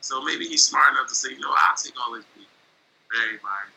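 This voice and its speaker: A man's voice: medium pitch, quick pace, gravelly, pushed and bright, slight background noise, rough recording. A man co-hosting a sports talk show who pushes back with wry, teasing remarks. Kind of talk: casual sports debate.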